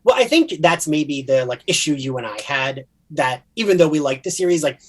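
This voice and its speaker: Podcast co-host, man from New Jersey, Jersey accent, lively up-and-down pitch, a bit husky. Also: a little fast. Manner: chatty, many fillers, animated. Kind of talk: casual chat.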